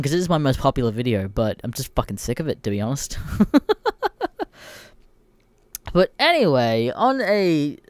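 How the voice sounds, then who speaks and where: With a medium-pitched voice and no room sound, this Australian man hosts a podcast. He rants through his stories, swearing nonstop and staying blunt and irreverent.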